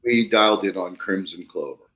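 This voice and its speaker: A man hosting a podcast, telling stories casually and animatedly, swearing freely and jumping up in pitch when he acts out excitement. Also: normal speed. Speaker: podcast host. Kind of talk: casual storytelling conversation. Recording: roomy echo.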